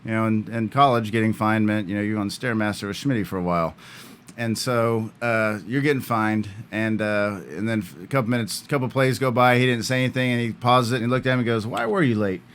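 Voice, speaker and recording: A man who is a guest on a podcast, telling old stories in a halting, filler-heavy way that often breaks into laughter. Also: fairly low pitch, fairly even intonation, fairly bright tone, slight background noise. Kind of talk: casual interview chat.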